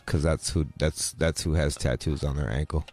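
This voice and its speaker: A man's voice: a bass voice, steady tone, normal speed, darkish tone, soft background music. A middle-aged man co-hosting a casual podcast, talking bluntly with lots of swearing and mimicking people in his stories. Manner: blunt, swears often, mimics voices in anecdotes. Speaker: podcast co-host. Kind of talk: casual profane chat.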